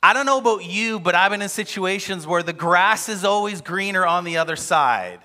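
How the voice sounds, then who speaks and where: A man with a high, bright voice preaches a loose, conversational sermon in a church sanctuary. He talks casually and with energy, throwing rhetorical questions at the congregation, while his voice rings out in the long reverb of a large hall. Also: expressive, normal speed. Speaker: pastor.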